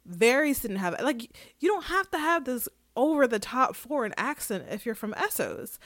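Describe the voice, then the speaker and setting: Woman podcast co-host, fairly high voice, chatty recap, laughs easily, dry close mic. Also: moderate pace, dry recording. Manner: chatty, laughs often, animated when retelling scenes. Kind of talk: casual chat.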